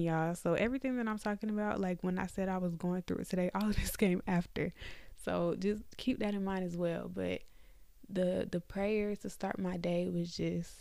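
A young woman speaks candidly to her listeners, calling them y'all as she reflects aloud. Her voice is gravelly and mellow, with a fairly flat melody. The sound is dry and close, as though recorded in bed at home. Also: lowish voice, no room sound. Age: young adult. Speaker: podcast host. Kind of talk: faith podcast monologue.

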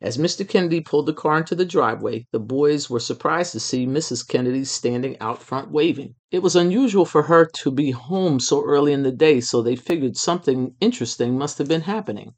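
A storyteller reading a children's book aloud in an expressive, measured way. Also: mid-range voice.

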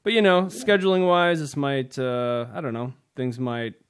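A man's voice: medium pitch, fairly even intonation, normal speed, smooth. A man co-hosting a casual tech podcast, talking in a loose, rambling way with frequent hesitations and chuckles. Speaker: podcast co-host.

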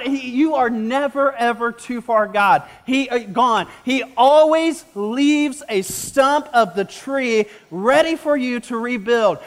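Man, pastor, sermon, high voice, impassioned, slows for emphasis. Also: a bit bright. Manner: impassioned preaching, slowing for emphasis.

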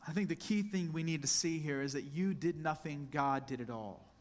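A male pastor preaching a sermon, earnest and intimate, slowing down to dwell on scripture and addressing the congregation directly. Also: a little high.

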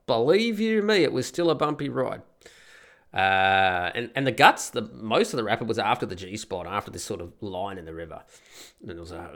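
A middle-aged podcast host with a gravelly, creaky voice, talking through a head cold. He rambles through a profane story, his pitch swooping up and down, and he keeps the tone loose and conversational. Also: a bit bright. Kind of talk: casual podcast monologue.

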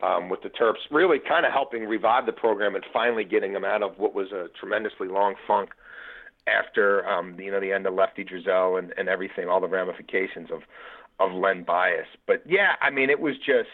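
This deep-voiced man, speaking at normal speed, is a podcast guest in his forties from the Baltimore area. Sharing sports memories in casual conversation over tinny phone audio, he's an animated storyteller who often restarts and uses fillers.

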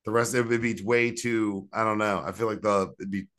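A man's voice: on the low side, fairly even intonation, fairly quick, fairly bright tone. A man co-hosting a podcast in casual chat, rambling with lots of slang, fillers and restarts. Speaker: podcast co-host.

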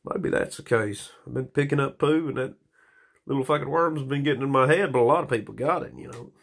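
A man in a small room at home talking into a phone, rambling and swearing in a slightly hoarse stream of consciousness. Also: medium pitch, fairly quick, a bit bright. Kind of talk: rambling casual monologue.

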